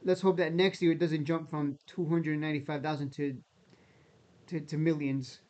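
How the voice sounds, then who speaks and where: A man's voice: on the high side, level tone, moderate pace, warm tone. Skeptical man, slightly raised voice. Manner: conversational, repeats himself, skeptical asides. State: voice strained, near losing it. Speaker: stock market YouTuber. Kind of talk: casual commentary.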